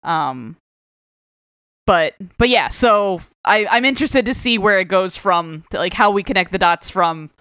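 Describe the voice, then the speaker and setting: Laughing, swearing woman, smooth clear voice. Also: medium pitch, lively intonation, a little slow, a bit bright, no room sound, studio quality. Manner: laughs often, swears casually, acts out quotes. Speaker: podcast co-host. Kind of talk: casual chat about a comic book.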